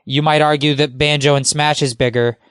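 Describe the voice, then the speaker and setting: Enthusiastic man with a crisp, dry voice. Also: fairly high pitch, fairly even intonation, brisk, fairly bright tone, no echo. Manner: enthusiastic, rambling, many fillers. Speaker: podcast guest. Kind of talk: casual podcast chat.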